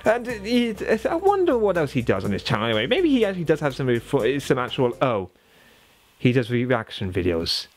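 A man's voice: wildly swooping pitch, normal speed, faint music behind. A man in his twenties giving sarcastic, profane reaction commentary on a video he is reviewing. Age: 20s. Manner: mocking, profane, swings pitch for sarcasm.

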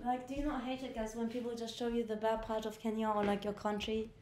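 A woman's voice: a little high, level tone, a little mellow, slight background noise. Brash, swearing woman streamer. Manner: brash, profane and quick to bicker. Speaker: livestreamer. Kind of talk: casual livestream chat. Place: indoors at a laptop. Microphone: laptop mic.

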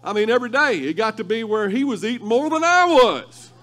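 A male pastor preaches in a high, bright, forceful voice. He tells his sermon through funny, animated stories. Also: brisk. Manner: animated, humorous storytelling with laughter.

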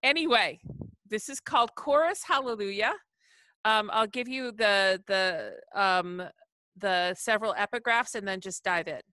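Over a video call, a woman poet performs a poetry reading of her own work, rising into emphatic refrains after chanting long, rhythmic lists. She isn't from the South, and her medium-pitched voice is sharp and measured, with no echo.

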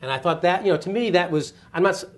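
An older man recalls his years in government in a brisk, lively rush. He tells anecdotes and slips into the voices of the people he quotes, his pitch sitting a little above the usual. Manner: animated storyteller, quick, acts out quoted voices with laughs. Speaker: interviewee, former communications director. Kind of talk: oral history interview. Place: office interview setting.

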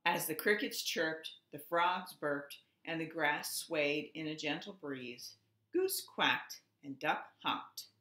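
Preschool teacher reading a storybook aloud, woman, unhurried, expressive, in an echoey room. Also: sits low, slight background noise.

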